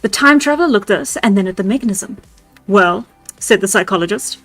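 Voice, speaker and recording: A woman's voice: mid-range voice, animated, fast talker, a bit bright, no echo, faint music behind. A woman reading a Victorian novella aloud on a live stream, chatting and laughing with her viewers between passages. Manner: laughs easily, chatty asides to chat.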